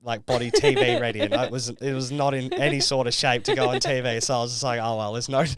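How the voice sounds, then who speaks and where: A man's voice: mid-range voice, fairly even intonation, fast talker. A young Australian man and reality show contestant, telling his story in a casual podcast interview, rambling with lots of fillers.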